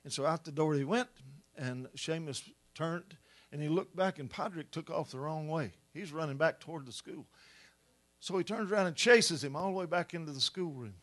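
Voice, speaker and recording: A middle-aged man preaching a sermon, telling a story with rising, animated delivery. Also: a little high, normal speed.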